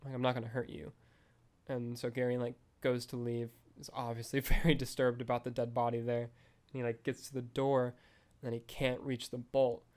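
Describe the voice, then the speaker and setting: A young man talks through a film in a loose, rambling podcast chat, dropping "like" and "um" all the time. His pitch sits in a middle range, and his delivery stays flat and even with little rise or fall. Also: moderate pace. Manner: rambling, heavy use of "like" and "um". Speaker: podcast host reviewing a film. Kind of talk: casual chat.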